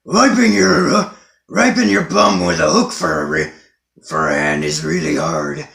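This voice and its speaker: Brief: a rough pirate-cop hybrid, gravelly bark, bright edge, roomy echo. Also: male voice, fairly high pitch, lively intonation, a little slow, pitched above the performer's own voice, full character voice. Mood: gruff. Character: gruff shouting pirate robot crossed with a barking cop.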